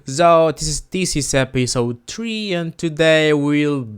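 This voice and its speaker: A man's voice: fairly high pitch, animated, takes it slowly, clean tone. A man giving an informal recorded lesson, hesitant and thinking aloud with many restarts and fillers. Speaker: language teacher.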